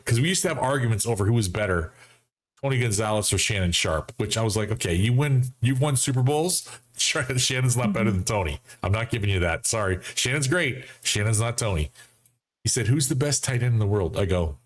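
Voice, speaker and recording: A man hosting a casual football fan show for a live audience, animated and mocking, acting out friends he quotes. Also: lowish voice, normal speed. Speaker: sports fan show host. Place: home studio setup.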